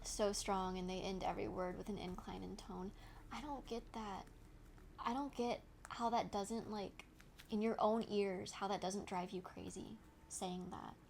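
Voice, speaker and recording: A woman's voice: mid-range voice, steady tone, unhurried, gravelly, a little mellow, a little hiss or hum. A young adult woman streaming, chatting casually with her viewers while she crafts, reacting to their comments and laughing often. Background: background music.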